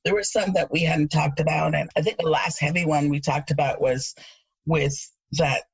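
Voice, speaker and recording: A woman in her thirties from Jamaica, co-hosting a podcast and chatting casually, an animated storyteller who laughs often. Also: deep voice, normal speed, gravelly, breathy edge, lo-fi sound. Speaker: podcast co-host. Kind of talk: casual chat.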